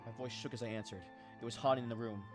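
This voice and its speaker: A man's voice: medium pitch, fairly even intonation, quick pace, music in the background. Man dramatically reading game text. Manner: dramatic read-along with asides. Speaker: streamer. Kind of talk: reading game text aloud while playing.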